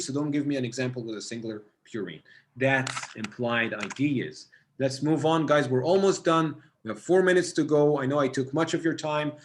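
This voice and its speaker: A man with an Egyptian accent teaching an online test-prep class, encouraging and reading out students' answers. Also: mid-range voice. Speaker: SAT tutor.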